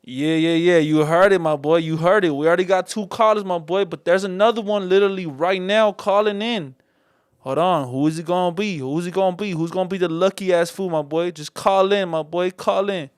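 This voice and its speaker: A man's voice: high-pitched, fairly quick, smooth, dry recording, clean studio sound. A man hosting a casual call-in podcast, full of street slang and calling everyone "my boy" and "fool". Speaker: podcast host taking call-ins.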